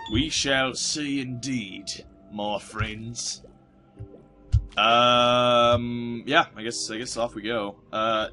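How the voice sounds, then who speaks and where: A man's voice: medium pitch, bright, forceful tone. A man giving casual gameplay commentary, rambling and self-mocking, cursing at the game and slipping into a put-on British accent at times. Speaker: let's play commentator.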